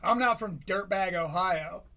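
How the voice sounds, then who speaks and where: A man from Michigan giving casual, joking live-stream commentary on a comedy special, swearing freely between quick asides. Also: high-pitched, sharp tone. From Michigan, USA. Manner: profane, joking, fast asides.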